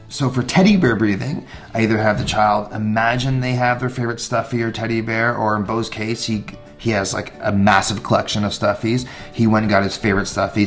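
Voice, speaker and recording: Upbeat man coaching breathing exercises. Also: lowish voice. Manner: upbeat, coaching, acts out exercises and quotes children. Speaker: mindfulness teacher. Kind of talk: teaching educators breathing exercises.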